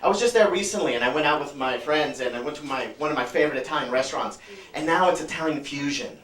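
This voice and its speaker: High, bright punchy stand-up man. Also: fast talker, echoey room. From San Francisco, California. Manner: loud, punchy, crowd-working delivery. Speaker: stand-up comedian. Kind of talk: stand-up comedy. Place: small comedy club stage.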